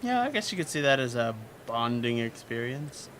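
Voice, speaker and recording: A man's voice: mid-range voice, sing-song, normal speed, a bit bright, slight background noise. A man acting as game master, narrating a tabletop game in a loose, laughing way full of fillers.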